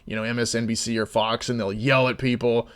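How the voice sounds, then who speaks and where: A man talking casually on a live stream, rambling with many restarts and sometimes getting loud and exasperated. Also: mid-range voice, flat delivery, a little fast.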